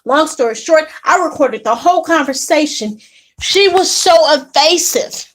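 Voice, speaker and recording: A young woman casually telling an indignant story to camera, animated and quick to act out what others said. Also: sits high. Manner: animated, indignant retelling with acted quotes. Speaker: vlogger.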